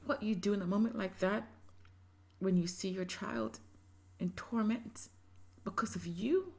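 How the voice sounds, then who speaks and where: A woman giving emotional reaction commentary, impassioned, moving between loud emphasis and soft whispery asides. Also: medium pitch, lively intonation, a little slow, gravelly, long pauses. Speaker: reaction video creator.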